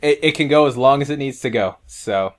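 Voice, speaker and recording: A man hosting a casual conversation, easygoing and quick to laugh. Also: mid-range voice. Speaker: host. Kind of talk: casual chat.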